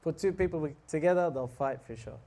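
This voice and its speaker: A monk preaching who tells a lively story, acting out scenes and laughing. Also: male voice, fairly high pitch, fairly quick. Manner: animated, laughing, acts out scenes. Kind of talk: storytelling sermon.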